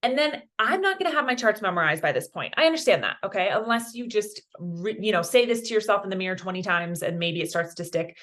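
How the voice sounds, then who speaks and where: A woman's voice: medium pitch, animated, fast talker, hardly any pauses, fairly bright tone. A woman from Colorado teaching a beginner Spanish lesson online, chatty and encouraging, dropping Spanish words into her explanations. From Colorado, USA.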